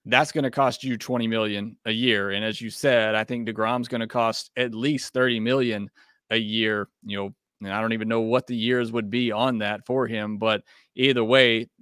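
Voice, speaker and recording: A man's voice: lowish voice, fairly even intonation, moderate pace, fairly bright tone, clear, resonant tone, dry recording, clean studio sound. A man hosting a sports podcast, talking casually and hedging with fillers as he weighs options. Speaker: podcast host.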